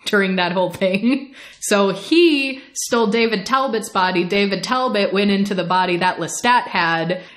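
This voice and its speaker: Woman, podcast co-host, casual talker, acts out characters mid-story, laughs a lot. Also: mid-range voice. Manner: animated retelling, acting out characters in quick voices; laughs often. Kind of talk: casual book discussion.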